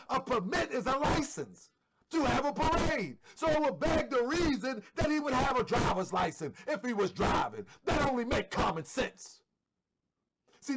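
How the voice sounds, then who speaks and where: High-voiced guy preaching worked up, says stuff twice for emphasis. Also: noisy background. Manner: preachy, repeats phrases for emphasis; fervent, sometimes shouting. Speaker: online show host. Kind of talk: impassioned religious commentary.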